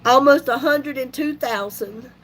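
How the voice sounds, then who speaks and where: This YouTube vlogger is a woman in her fifties whose voice sits high and moves at a measured pace, captured in a low-quality recording. She tells her viewers a folksy story in a chatty, animated way, punctuated with laughs.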